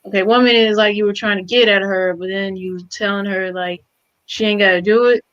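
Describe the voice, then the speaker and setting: A woman's voice: medium pitch, steady tone, a little fast, fairly bright tone, clean tone, lo-fi sound. A woman co-hosting a casual hip hop album review, chatty and a bit hesitant.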